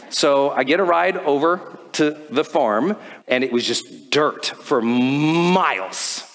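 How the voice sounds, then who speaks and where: A man's voice: fairly high pitch, slow pace. A man giving a motivational talk to a live audience, telling a story and acting out the voices in it. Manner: animated storytelling, acts out quoted voices. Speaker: motivational speaker. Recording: long hall reverb.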